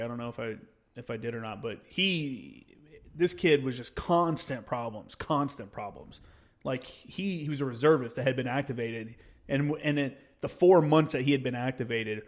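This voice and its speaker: A man in his thirties, a military veteran, telling a war story in casual podcast chat, swearing freely and acting out the quotes. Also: mid-range voice. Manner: profane, animated storyteller who acts out quotes.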